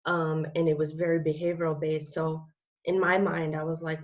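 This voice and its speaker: Woman guest, low flat voice, rambling testimony full of fillers, dull lo-fi sound. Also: moderate pace. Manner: rambling, many fillers and restarts. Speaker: interview guest. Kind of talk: personal testimony in conversation.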